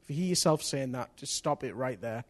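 A man preaching a sermon in a church, telling a story with energy, rising to excited shouts and dropping to near whispers. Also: mid-range voice, brisk. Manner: swings from hushed to excited shouting; lively storyteller with local place names and slang.

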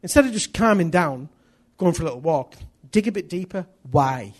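A middle-aged man delivers a sermon with animated storytelling. His voice sits a little high and sounds husky. He acts out small scenes of dialogue as he preaches. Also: normal speed. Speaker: pastor.

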